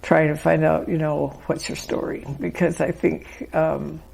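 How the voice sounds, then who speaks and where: Gravelly, low-voiced woman guest. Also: flat delivery, unhurried, a little mellow, low-quality recording. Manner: thoughtful, searching for words with restarts. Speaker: interview guest, author. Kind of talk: reflective conversational interview.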